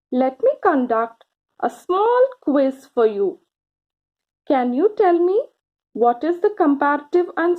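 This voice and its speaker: Slow, high-voiced woman teaching children. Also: phone-quality sound. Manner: slow, encouraging, drawn-out words with pauses for answers. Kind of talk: grammar lesson for children.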